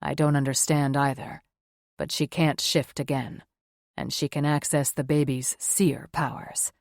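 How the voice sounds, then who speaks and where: A woman voicing a protective male werewolf tracker in an audiobook, speaking low and calm. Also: a little slow, no echo, clean studio sound. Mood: steady, reassuring.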